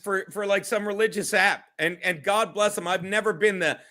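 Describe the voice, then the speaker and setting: A man's voice: sits high, moderate pace, sharp tone. A man as a guest in casual chat, rambling through tangents with many fillers. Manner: rambling, tangents, mock voices.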